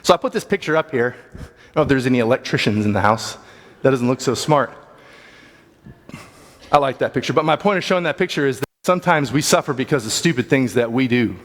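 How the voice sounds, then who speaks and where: Man, church bible class teacher, medium pitch, plain-spoken, long hall reverb. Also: fast talker. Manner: casual, plain-spoken, thinking aloud. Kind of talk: conversational Bible class talk.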